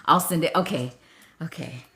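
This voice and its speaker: Woman, low-pitched voice, emotional, laughs a lot, casual swearing, live-stream host. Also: a little slow, fairly bright tone. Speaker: spiritual healer hosting a live session.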